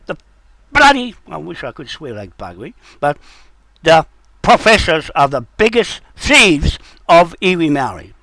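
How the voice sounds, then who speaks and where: A man's voice: sits high, pushed and bright, dry recording. An older man, delivering an indignant, rambling monologue full of accusations and repeated points. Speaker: self-styled sovereignty advocate.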